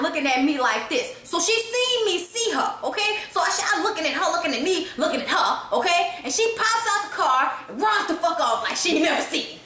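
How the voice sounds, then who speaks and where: Woman reviewer, high bright voice, animated and profane. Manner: animated, profane, breaks into laughter. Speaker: movie reviewer. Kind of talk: casual retelling of a comedy film. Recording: echoey room.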